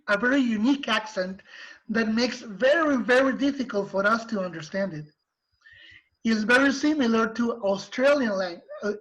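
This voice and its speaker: A male literature teacher, lecturing patiently in an online class and explaining slowly with restarts. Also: very high voice, a bit bright. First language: Spanish. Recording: muffled lo-fi recording.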